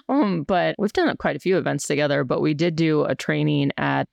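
Young woman podcast host, chatty and laughing, gravelly fry, dry close sound. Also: sits low, normal speed, darkish tone, no room sound. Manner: chatty, laughs often, quotes herself in playful voices. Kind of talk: casual podcast chat.

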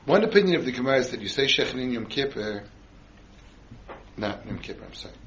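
A man's voice: mid-range voice, lively intonation, fast, a bit bright, a little hiss or hum. A man leads a Torah class, steadily posing questions to his listeners before explaining the answer. The recording is a little dull, with faint ambience in the background. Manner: quizzes the audience with frequent questions. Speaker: rabbi teaching a class.

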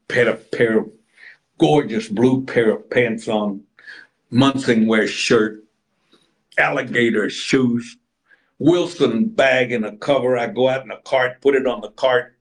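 A man's voice: mid-range voice, fairly even intonation, slow pace, pauses often. An older man from Texas, an interview guest telling long stories and acting out other people's lines. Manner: rambling raconteur, acts out other people's lines. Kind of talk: anecdotal storytelling.

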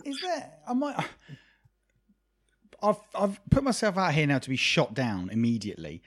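Man, casual podcast chat, jokey, hesitant, animated pitch. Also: normal speed. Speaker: podcast co-host.

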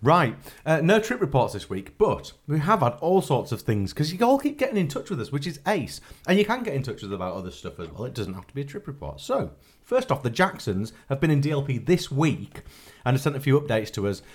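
A man co-hosting a casual podcast, chatty and reading out listener shout-outs with asides. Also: mid-range voice, very animated, fairly quick, slightly rough. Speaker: podcast co-host.

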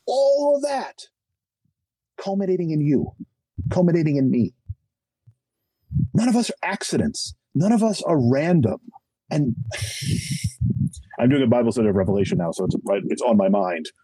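A man's voice: fairly high pitch, big pitch swings, warm tone, breathy edge, no echo, rough recording. A middle-aged man, a podcast guest, telling his faith story in an emphatic, preachy way with self-deprecating humor. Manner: emphatic and preachy, acts out quick voices. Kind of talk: animated conversational testimony.

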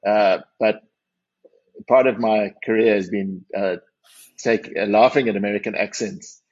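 A man's voice: lowish voice, steady tone, unhurried, a little mellow, slightly rough. A man, a winery's managing partner, chatting as a guest in an interview with frequent restarts and self-deprecating humour. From South Africa. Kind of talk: radio interview. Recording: dull lo-fi audio.

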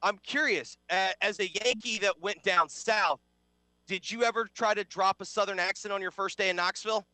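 A man's voice: high-pitched, normal speed, sharp tone, no room sound. A man co-hosting a casual sports talk show, wry and sarcastic, rambling through his points. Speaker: sports radio co-host.

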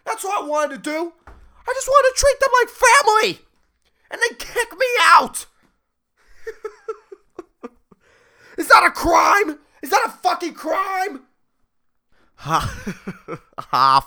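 A man hosting a solo podcast in a loose, rambling monologue, peppered with swearing and his own laughter. His voice is bright and forward, with lively swings in pitch. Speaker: podcast host.

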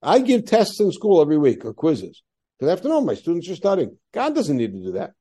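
A man's voice: a little high, wildly swooping pitch, fairly quick, mellow. A man teaching a class on a biblical text, reading Hebrew verses aloud and explaining them with rhetorical questions. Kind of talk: classroom Torah lesson.

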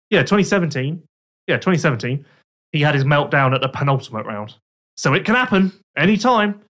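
A man's voice: on the high side, big pitch swings, brisk, fairly bright tone. A young man co-hosting a podcast, reading out listener questions and answering with dry, teasing asides. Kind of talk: casual chat.

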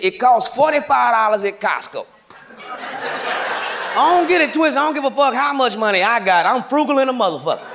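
A man with a very high voice rattles through a loud, profane stand-up set and shouts his punchlines. A roaring crowd and heavy noise fill the live recording. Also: creaky. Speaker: stand-up comedian. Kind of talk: stand-up comedy routine. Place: comedy stage before a large audience.

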